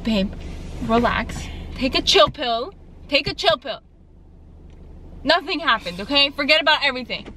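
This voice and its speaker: A woman's voice: sits high, animated, normal speed, long pauses, sharp tone, slight background noise. A young woman in a parked car, playfully teasing and pranking her boyfriend with a giggly, mischievous manner. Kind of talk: casual prank vlog chat.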